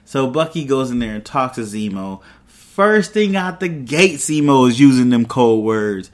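A man's voice: medium pitch, sing-song, measured pace. A man hosting a podcast, retelling a TV episode in a loose, chatty way with side comments. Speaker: podcast host. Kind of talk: casual episode recap.

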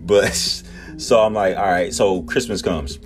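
A man in his thirties hosting a podcast, telling childhood stories casually, laughing often and acting out quotes in high voices. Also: slow pace, over music. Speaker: podcast host. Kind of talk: casual storytelling.

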